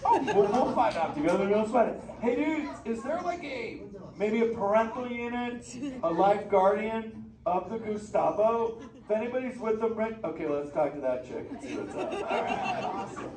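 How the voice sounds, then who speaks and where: Crush, a lively surfer-dude turtle. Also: male voice, sits high, normal speed, a crowd in the background. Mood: laid-back. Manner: drawling surfer slang, playful banter with the audience. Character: laid-back surfer-dude male sea turtle. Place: theater. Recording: echoey theater from far off, noisy.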